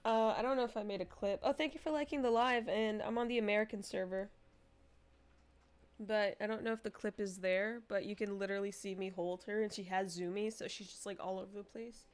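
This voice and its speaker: A woman's voice: mid-range voice, steady tone, a little fast, clear, resonant tone. A young woman livestreaming in casual chat, talking to her viewers and cooing at her dogs between game talk. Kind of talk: casual live-stream chat. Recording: echoey room, distant mic, music behind.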